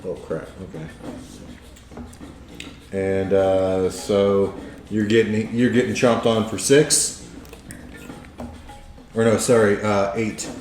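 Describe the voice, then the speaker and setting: A man running a tabletop game as game master, hesitant, with many fillers and throat clearing. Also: lowish voice, steady tone, takes it slowly, long pauses, darkish tone, echoey room, faint music behind.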